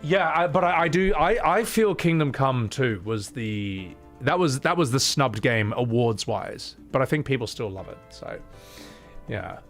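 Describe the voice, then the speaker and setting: A man streaming a game, chatting and joking with his viewers in an excitable, swearing manner. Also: medium pitch, a little slow, gravelly, faint music behind. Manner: excitable, swearing, jokey banter with chat. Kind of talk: casual gameplay commentary.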